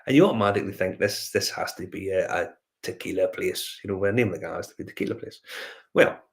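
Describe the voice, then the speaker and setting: Low-voiced Northern Irish man telling stories. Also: fast talker, creaky. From Northern Ireland. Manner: rambling anecdotal storytelling with many fillers and restarts. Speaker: whiskey review host. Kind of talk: casual chat.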